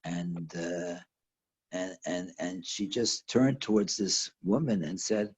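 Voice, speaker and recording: A man teaching a lesson over a video call, telling a story in a halting way with lots of restarts and fillers. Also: deep voice, fairly even intonation, husky, low-quality recording. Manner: halting, repeats words, many fillers.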